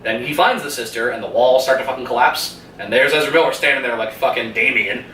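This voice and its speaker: A man co-hosting a casual movie review, retelling scenes in an animated way, swearing freely and laughing often. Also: medium pitch, fast talker. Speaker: podcast co-host. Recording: roomy room, mic at a distance, faint hum.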